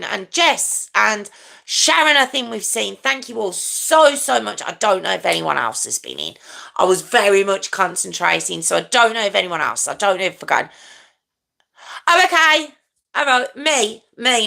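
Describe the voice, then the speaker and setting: A woman's voice: mid-range voice, gravelly, bright, forceful tone. A woman in her forties hosting a casual live stream, chatty and rambling, teasing herself and answering viewer comments.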